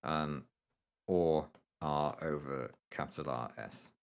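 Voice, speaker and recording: A man's voice: very deep voice, steady tone, slow, gravelly, smooth. A man in a casual chat, explaining tentatively and openly admitting when he is unsure.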